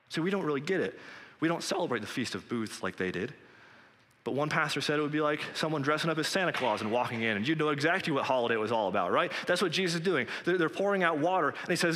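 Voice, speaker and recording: A man's voice: fairly high pitch, sing-song, fast talker, fairly bright tone, long reverb tail. A male pastor preaching a sermon in an earnest, conversational way, recorded in a church.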